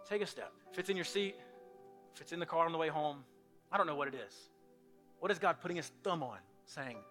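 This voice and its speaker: A man preaching a sermon as a pastor, swinging from loud, urgent pleading to hushed, quiet appeals. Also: fairly high pitch, expressive, brisk, soft background music.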